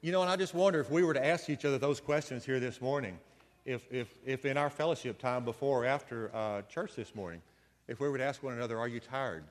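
A man's voice: medium pitch, quick pace, big-room sound. A man preaching a conversational sermon, with folksy storytelling asides. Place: church sanctuary.

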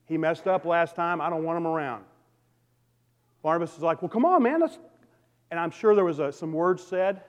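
Speaking at a moderate pace with fairly even intonation and long pauses, a slightly high-voiced pastor preaches conversationally and calls out to the congregation. The church sanctuary lends a long hall reverb.

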